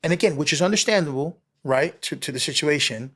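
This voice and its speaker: A man, a former police officer, telling a story as a podcast guest in casual speech, animated, peppered with "right?" and "you know" and the odd swear. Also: on the high side, a little fast, slightly rough. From New York City.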